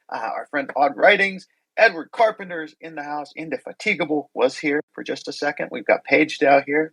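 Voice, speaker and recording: A man's voice: fairly high pitch, vocal fry, fairly bright tone, husky, no echo, low-quality recording. A man hosting a live audio chat room, welcoming guests in an upbeat, chatty way. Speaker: host.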